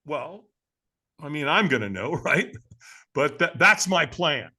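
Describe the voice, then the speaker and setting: A man guesting on a podcast, telling a personal story in a lively, dramatic way and laughing as he goes, with a casual manner. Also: fairly high pitch, slow. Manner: casual, addresses the host as man and brother.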